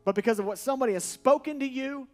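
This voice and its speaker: A man preaching a sermon, repeating short refrains and building to loud, emphatic peaks. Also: very high voice, very fast. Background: soft guitar music.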